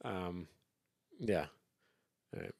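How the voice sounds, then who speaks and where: A man's voice: sits low, expressive, drawn-out words, gravelly, a little mellow, no echo, studio quality. A man hosting a casual podcast chat about music, rambling with many fillers and restarts. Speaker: podcast host.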